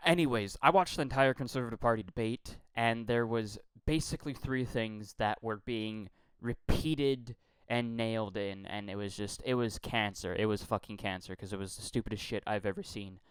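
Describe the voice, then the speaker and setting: A man's voice: lowish voice, normal speed, fairly bright tone, clean tone, no room sound. A man from Quebec delivering a heated political rant, blunt and profane, often repeating words as he gets worked up. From Quebec, Canada. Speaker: political commentator.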